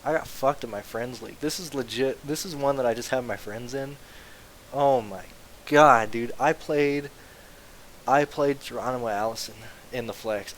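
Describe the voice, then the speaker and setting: A young man casually streaming about fantasy sports, rambling, excitable and swearing freely. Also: medium pitch, rough recording. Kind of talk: casual live-stream chat. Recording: faint hiss.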